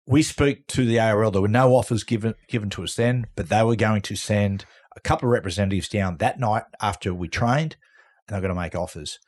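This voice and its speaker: As a podcast guest, this former rugby league player, a middle-aged Australian, tells a casual, animated story and voices what others said. He has a fairly low pitch and talks a little fast with hardly any pauses.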